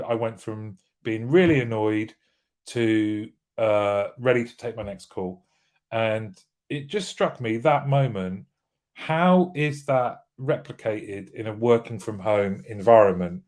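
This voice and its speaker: A British man hosts a live show from a small room, chatting in a relaxed, unhurried way. He greets viewers by name, jokes about their comments and keeps the talk friendly. His voice sits at an ordinary middle pitch. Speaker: livestream host.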